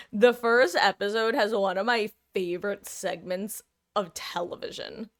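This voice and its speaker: A woman's voice: medium pitch, unhurried. A woman streaming live, chatting casually with her viewers in a rambling, self-interrupting way and laughing often.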